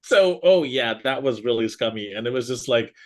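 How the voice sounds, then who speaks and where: A man's voice: medium pitch, normal speed. A man co-hosting a casual business talk show, telling stories and acting out what people said, often laughing. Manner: animated storyteller, acts out quotes, laughs often. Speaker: podcast co-host.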